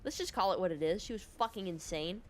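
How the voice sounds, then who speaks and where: In this clip, a gaming video creator speaks fast in a lowish voice, with a little hiss or hum in the background. While playing a game, she spins a long, rambling story that keeps drifting, delivered with sarcasm and lots of profanity.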